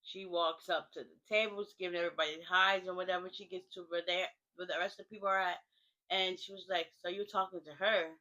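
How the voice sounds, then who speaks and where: A woman's voice: lowish voice, little pitch movement, brisk, pushed and bright, rough recording. A woman giving a casual spoken recap of a TV episode in a chatty, slangy way, full of fillers. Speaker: TV recap vlogger.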